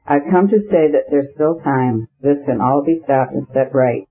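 A man's voice: mid-range voice, measured pace, breathy edge. A man voicing an anxious, jealous young man in a storybook reading, gloomy and imploring. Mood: despairing. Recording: slightly muffled audio.

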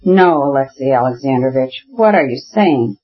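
A man voicing a cheerful, kindly, excitable middle-aged nobleman who turns emotional and pleading in a storybook reading. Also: medium pitch, moderate pace, natural voice. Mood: dismayed. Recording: dull lo-fi recording.

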